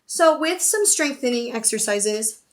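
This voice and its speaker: A young woman teaching a singing lesson, talking through warm-ups and singing vocal exercises, often checking in with "okay?". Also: fairly high pitch, expressive, a little slow. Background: piano accompaniment.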